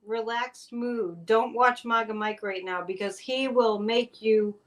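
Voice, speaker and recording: A woman's voice: on the high side, measured pace. A woman hosting a live stream, giving casual political commentary in a chatty, exclamatory way with sarcastic asides. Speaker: psychic live-stream host.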